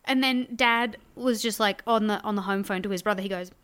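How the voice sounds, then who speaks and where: A woman's voice: medium pitch, fairly quick, smooth. A young woman co-hosting a casual chat, her talk loose and full of little stories. She acts out what other people said. Her voice sits in a middle register. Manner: chatty, animated storytelling with quoted voices. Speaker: podcast co-host. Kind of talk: casual chat recapping a reality show.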